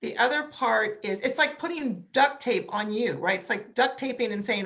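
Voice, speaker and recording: A woman's voice: mid-range voice, expressive, normal speed, hardly any pauses, a bit bright. A woman communication coach on a panel, giving advice emphatically and repeating key words for stress.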